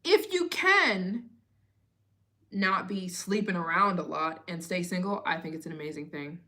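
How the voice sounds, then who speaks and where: A woman in her late twenties, chatting casually and telling stories in an expressive way as the host of a live Q&A stream. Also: lowish voice, measured pace. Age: 20s. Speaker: travel vlogger hosting a live Q&A.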